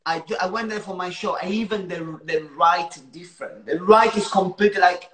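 A man with an Italian accent chatting playfully on a live stream, in animated, broken English. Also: high voice, fairly quick. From Italy. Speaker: co-host. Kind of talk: casual live-stream chat. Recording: echoey room with faint noise.

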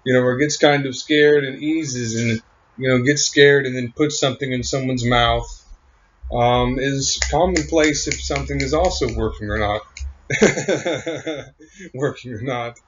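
A man of middle pitch rambles on, halting often and trailing off between thoughts. The recording is dull and lo-fi. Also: fairly bright tone, a little hiss or hum. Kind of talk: rambling monologue. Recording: muffled lo-fi recording.

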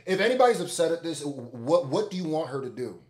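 Animated man reacting in an echoey room. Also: fairly quick. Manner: animated, laughing, swinging between loud outbursts and low muttering. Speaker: reaction video host. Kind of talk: casual commentary reacting to a song.

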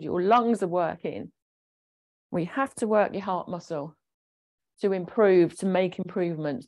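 A woman guides a gentle exercise class at a mid-range pitch. She talks in a chatty, encouraging way and explains each movement as she goes. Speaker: fitness instructor.

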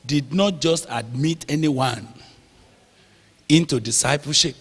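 A man preaching a sermon, slow and emphatic, drawing out phrases and checking in with the audience. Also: medium pitch, expressive, a bit bright, breathy edge. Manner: slow, emphatic, drawn-out phrases with call-and-response questions. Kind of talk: sermon teaching. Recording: long hall reverb.

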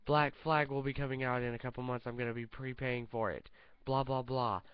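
A man's voice: medium pitch, fairly even intonation, fairly quick, clear, resonant tone, muffled recording. A man chatting casually to camera as a vlogger, sounding irritated and rambling, with lots of fillers. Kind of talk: casual vlog chat.

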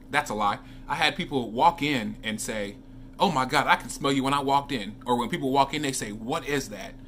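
Chatting casually in a fragrance-review vlog, a man with a mid-range voice tells animated stories and makes asides to his viewers. A little hiss or hum sits under the recording.

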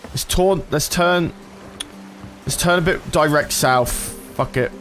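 A man's voice: on the high side, slow pace, fairly bright tone, soft background music. A man commentating live as he plays, swearing and talking to his chat. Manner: swearing, frustrated, talks to chat. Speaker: gaming streamer.

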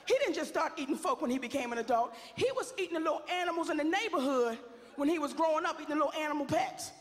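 A woman performing a stand-up comedy set, bold and sassy, shouting out her punchlines. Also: high-pitched, lively intonation, fast, in a large hall.

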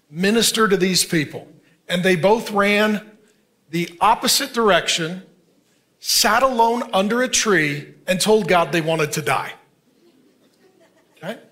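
A man in his fifties preaching a sermon as a pastor, conversational, dropping to a near hush for emphasis. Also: sits high, unhurried, long pauses. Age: 50s.

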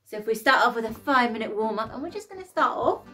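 Over light background music, a young woman leads a children's workout class, upbeat and encouraging as she counts down the exercises. Her voice is fairly high and fairly bright, with lively intonation, and she talks fast.

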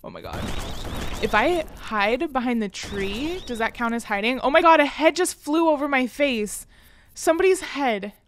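A woman streaming a game, talking excitedly, gasping, shrieking and swearing, and dropping to whispers while she hides. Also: sits high, normal speed, a little hiss or hum. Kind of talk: excitable gaming stream commentary.

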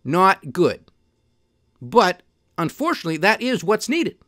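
A man's voice: sits high, sing-song, unhurried, a bit bright, no room sound, studio quality. A man hosting a podcast, giving emphatic, indignant solo commentary on policy and markets. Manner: emphatic, indignant, mocking quoted officials. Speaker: podcast host.

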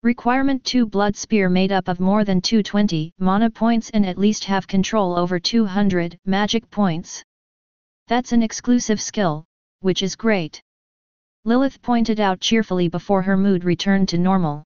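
Smooth, dry-voiced woman narrating. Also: mid-range voice, normal speed, few pauses, no room sound, dull audio. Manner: even, steady reading of a web novel. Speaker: audiobook narrator. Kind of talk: scripted narration.

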